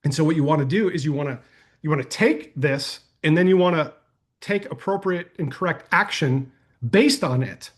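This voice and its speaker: An energetic man hosts a live coaching call and answers attendee questions in a folksy, conversational way. His voice sits a little high for a man, and he talks with loose, friendly enthusiasm. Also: normal speed. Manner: energetic and folksy, uses "y'all", tells anecdotes. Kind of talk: casual webinar Q&A.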